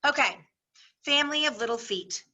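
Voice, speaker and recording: A woman teacher reading a novel aloud to her class, giving the characters lively voices, then talking the passage over plainly. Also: sits high, moderate pace.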